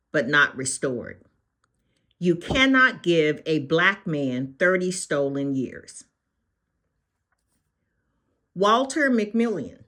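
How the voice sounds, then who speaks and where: Woman host doing a scripted commentary, lowish voice, slow and punchy, lots of rise and fall. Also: a bit bright. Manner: emphatic, deliberate, short punchy declarations.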